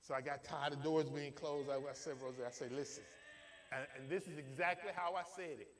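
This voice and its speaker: A man's voice: on the high side, fairly even intonation, a little fast. A man preaching a sermon in a church, telling a folksy personal story with emphatic delivery. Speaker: pastor.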